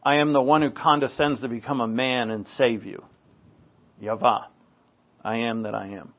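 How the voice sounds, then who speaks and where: A man from New England teaches scripture in a relaxed, joking sermon, drifting into asides as he goes. His voice sits at an ordinary middle pitch. The sound is thin and narrow, like it came down a phone line. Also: moderate pace. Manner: conversational and wry, with asides and dry jokes. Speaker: pastor. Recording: tinny phone-like recording.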